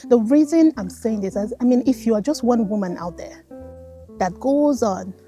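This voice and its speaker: Nigerian woman coach, earnest motivational vlog, mellow, faint guitar bed. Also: a little high, moderate pace. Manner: earnest, repetitive, animated, addresses listener as darling. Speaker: life coach. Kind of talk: casual motivational talk to camera. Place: garden, outdoors.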